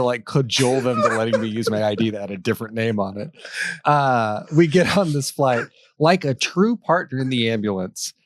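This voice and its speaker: A man's voice: medium pitch, no echo, studio quality. A man, a flight paramedic and podcast guest, telling stories casually, acting out the voices of the people he quotes and laughing often. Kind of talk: casual storytelling.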